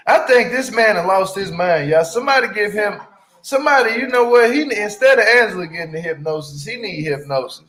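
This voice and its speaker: A man's voice: high-pitched, fairly quick, sharp tone, rough recording. A man giving casual reaction commentary on a reality show, blunt, profane and exasperated.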